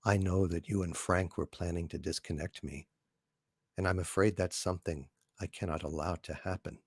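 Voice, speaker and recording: A man voicing a calm, cold male ship computer, speaking low, soft and slowly. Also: husky, no room sound, studio quality. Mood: eerily calm. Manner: soft, slow, eerily calm.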